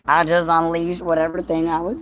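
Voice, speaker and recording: A smug, careless archaeologist, put on by a woman in a low, deadpan parody voice. The figure is played for mockery, casual and unimpressed. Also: a little fast, slight background noise, close to an everyday voice. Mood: mocking.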